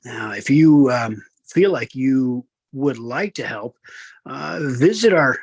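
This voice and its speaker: A man's voice: mid-range voice, lively intonation, slow pace, slightly rough, no echo. An older man hosting a talk show, reading sponsors in a rambling, self-deprecating way with lots of fillers. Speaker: radio host.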